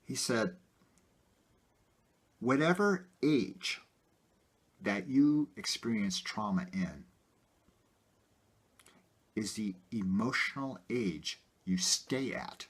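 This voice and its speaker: A man with a husky, low voice talks straight to his viewers in a loose, rambling way, leaning on little fillers as he goes. His pitch swings widely as he gets animated. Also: slow, pauses often. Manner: rambling, many "you know" fillers, animated. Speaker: video host. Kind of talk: casual personal talk to camera.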